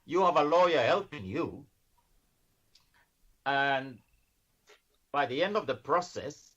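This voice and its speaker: A man's voice: medium pitch, animated, slow, fairly bright tone, husky. A man working in financial services, a podcast guest, explaining things earnestly and often restarting his sentences. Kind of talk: casual interview chat. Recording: dull lo-fi sound.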